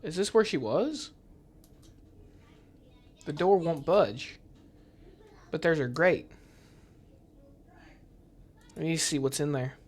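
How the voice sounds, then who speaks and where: A gameplay commentator reading a horror game's dialogue aloud while playing, in a hushed, uneasy tone. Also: medium pitch, expressive, takes it slowly, long pauses, breathy edge.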